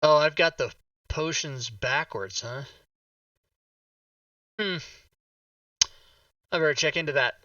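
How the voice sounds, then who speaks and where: Bright-voiced man muttering through a setup. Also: fairly high pitch, slow pace, long pauses, dry recording, far from the mic. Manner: swears under breath, talks to himself. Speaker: game master. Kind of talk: casual stream chat, muttering while fixing setup. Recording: dull lo-fi mic, slightly off-mic.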